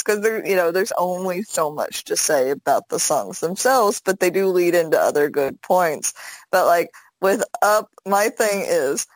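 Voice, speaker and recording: A woman's voice: no room sound, rough recording. Chatty woman podcaster, dry close sound. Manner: animated, jumps into squeaky quoted voices. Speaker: podcast co-host. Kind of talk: casual chat.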